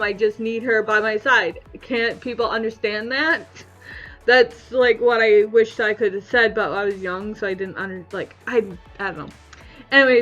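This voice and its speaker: A young woman vlogger telling a personal story in a casual way, lively and acting out the voices she quotes. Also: a little high. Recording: slightly dull audio with faint music.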